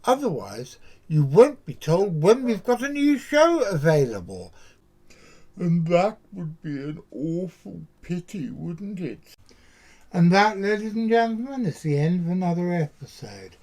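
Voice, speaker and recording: A man's voice: high-pitched, sing-song, unhurried, darkish tone. A man, hosting a show and talking in a rambling, chatty monologue full of musing asides. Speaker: podcast host. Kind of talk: casual monologue to camera.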